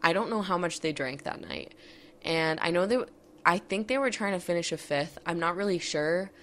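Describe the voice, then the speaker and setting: A woman's voice: fairly low pitch, moderate pace, fairly bright tone, a little hiss or hum. A young woman podcast host candidly recounting a personal college story, with many fillers and some swearing.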